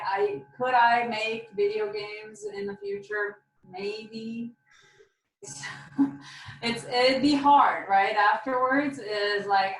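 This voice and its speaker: A woman with a lowish voice speaks as a podcast guest, thoughtful and loose, sometimes trailing off. She sounds set back from the mic in an echoey room, with faint noise behind her. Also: recorded from a distance. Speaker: interview guest, marketing manager. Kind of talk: casual interview chat.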